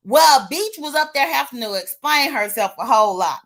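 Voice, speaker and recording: A woman doing sassy, animated gossip commentary, greeting viewers by name and laughing between points. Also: high voice, normal speed, hardly any pauses. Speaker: livestream commentator.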